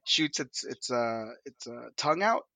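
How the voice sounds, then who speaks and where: A man's voice: medium pitch, animated, a little slow, gravelly, bright, forceful tone, no room sound. Crude, laughing young man on a podcast. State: congested. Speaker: podcast co-host. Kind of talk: casual podcast chat.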